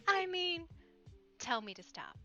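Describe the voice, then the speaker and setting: A playful woman with a bright, lively voice, teasing and giggling through a live-streamed roleplay. Her pitch jumps around as she jokes. The audio is a little muffled, with faint game music underneath. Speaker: roleplay player.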